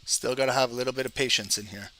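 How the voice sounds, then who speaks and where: Bright-voiced man calling live charts. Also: medium pitch, fairly even intonation, fast. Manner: thinks aloud while reading charts, lists price levels. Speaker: trading channel host. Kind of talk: live market commentary.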